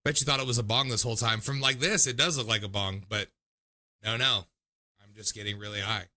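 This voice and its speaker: A man's voice: lowish voice, fairly quick, sharp tone. A man hosting a call-in livestream, chatting casually in a rambling, profane, loose way while tipsy. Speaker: livestream call-in show host.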